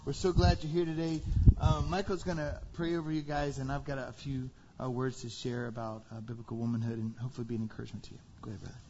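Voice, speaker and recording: A man's voice: mid-range voice, fast talker, hardly any pauses, lo-fi sound, noisy background. Chatty man hosting a church service. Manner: relaxed, chatty, many fillers. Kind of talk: casual church announcements.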